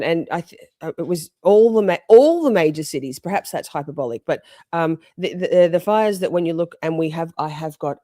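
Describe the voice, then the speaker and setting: A woman's voice: deep voice, warm tone, no room sound, studio quality. A woman live streaming, rambling in casual chat, swearing freely and greeting viewers in the chat.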